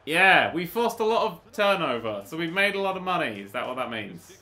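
A man commentating on a video game he is playing, excitable and sweary with jokey exclamations. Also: on the high side, fairly quick. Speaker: gaming YouTuber. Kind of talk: let's-play commentary. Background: faint game music.

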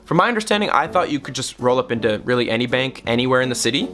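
A young man telling a story to the camera in a vlog, animated and expressive, slipping into French to mimic clerks. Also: medium pitch, racing, hardly any pauses. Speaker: travel vlogger.

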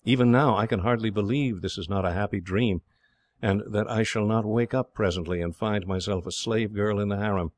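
A man voicing an exhausted, gentle young English girl who speaks softly and sighs. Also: fairly low pitch, fairly quick, dry recording, lightly acted. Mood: wistful. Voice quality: soft, sighing.

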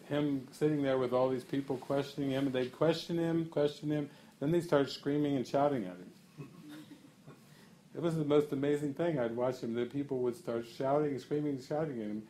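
A man leading a spiritual gathering with a mid-range voice that is neither high nor low. He muses and poses questions, breaks into laughter often, and draws out his key phrases slowly. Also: a little mellow, slight background noise. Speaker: spiritual teacher. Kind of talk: talk to a gathering.

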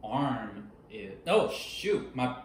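A man's voice: mid-range voice, big pitch swings, very slow. A young man with non-native English chats casually as a film review co-host, explaining points at length and correcting himself along the way. His mid-range voice rings around a small echoey room with faint hiss underneath. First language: not English. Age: young adult. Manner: chatty, over-explains and self-corrects. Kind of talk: casual chat.

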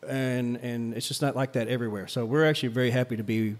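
Man, podcast co-host, teacher, casual storytelling, rapid, filler-heavy, recorded in a coffee shop. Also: mid-range voice, steady tone. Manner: rambling, filler-heavy, "like" and "right?" asides. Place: coffee shop, live audience.

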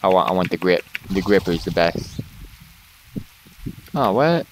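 A man hosting a let's play, excitable and swearing, calling his viewers boys. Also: sits low, quick pace, slight background noise, low-quality recording. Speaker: gaming channel host.

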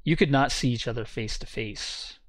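A man's voice: mid-range voice, normal speed, no room sound. A man teaching a Bible study in a conversational, explanatory way, often correcting himself as he goes.

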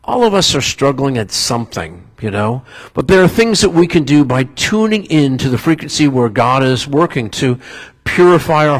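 A pastor giving a sermon, telling stories in a relaxed, conversational way with asides. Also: male voice, on the high side, rough recording. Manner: storytelling, conversational with asides and chuckles.

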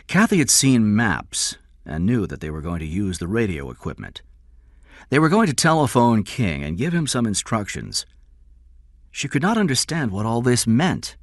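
A man narrating an audiobook in a measured, expressive storytelling manner. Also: fairly low pitch, no echo, studio quality. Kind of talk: audiobook reading.

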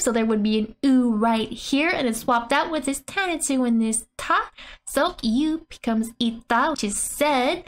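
A woman giving a casual language lesson through manga panels, chatty and playful, giggling often between explanations. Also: a little high. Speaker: online Japanese tutor.

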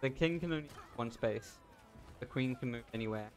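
A man's voice: medium pitch, fairly quick, faint music behind. A man chatting casually while playing a game, making dry, matter-of-fact remarks. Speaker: gamer. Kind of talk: casual gaming chat.

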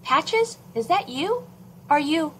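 A woman's voice: high voice, lively intonation, unhurried, noisy background, pitched above the performer's own voice. A woman voicing a jumpy, breathless young girl. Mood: calling out. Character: frightened young girl spotting escaped monkeys.

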